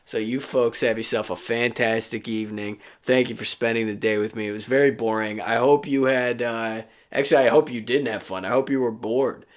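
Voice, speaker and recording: A man in his thirties talking casually to camera in a vlog, rambling and self-mocking with sudden loud outbursts. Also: medium pitch, steady tone, fairly quick, hardly any pauses. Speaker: vlogger.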